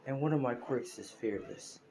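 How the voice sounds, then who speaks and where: Man playing a smug teenage boy hero, cocky, taunting, proud, mid pitch, mellow. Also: moderate pace, a little hiss or hum, lightly acted.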